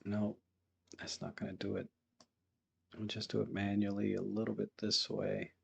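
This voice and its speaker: A man hosting a live photo-editing stream, thinking aloud in a relaxed, chatty way as he works and greets viewers in the chat. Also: fairly low pitch, normal speed, gravelly, slightly rough.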